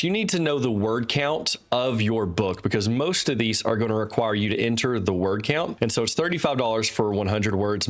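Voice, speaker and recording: A man, an author and host, walking through a website in loose, unscripted talk at his desk. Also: medium pitch. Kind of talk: casual screen-share walkthrough. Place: desk with teleprompter.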